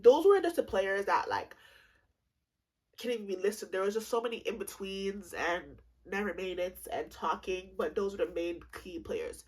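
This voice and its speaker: A woman in her twenties telling a comedic storytime vlog, animated and profane, acting out both sides of the conversation. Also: medium pitch, husky. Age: 20s. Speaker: vlogger.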